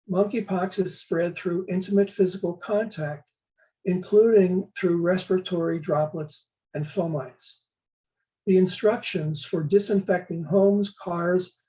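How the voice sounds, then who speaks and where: Older man, dark lo-fi explainer. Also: high voice. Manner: measured, slow spelling out of terms. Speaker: public health law professor. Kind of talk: prepared explainer talk.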